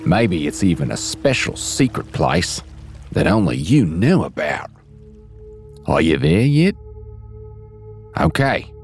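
A man with a put-on Australian accent, playfully leading a slow, soothing guided imagination exercise as a podcast host. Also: low-pitched, big pitch swings. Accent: put-on Australian/New Zealand. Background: music and trickling stream sounds.

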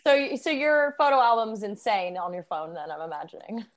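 A woman's voice: medium pitch, sing-song, brisk, background noise. Encouraging woman co-host. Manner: encouraging, asks follow-up questions. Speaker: podcast co-host. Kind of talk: casual interview chat.

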